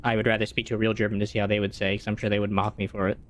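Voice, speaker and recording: A man's voice: fairly low pitch, little pitch movement, racing. A man streaming a game, chatting casually and answering his chat as he plays. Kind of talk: casual chat while gaming.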